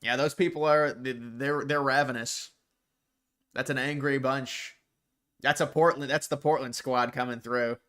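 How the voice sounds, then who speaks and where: An American livestream host speaks in a mid-range, slightly bright voice with a steady tone and measured pace. He reacts to chat with casual, rambling commentary, thinking aloud and frequently restarting his sentences.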